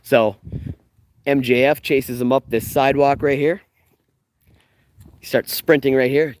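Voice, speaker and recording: A man from Canada streams live while he strolls down a residential street outdoors. He jokes and talks straight to his viewers, loose and excitable, now and then bursting into higher, louder exclamations. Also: unhurried, pauses often. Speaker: vlogger giving a filming-location walking tour. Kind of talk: casual live-stream walking tour.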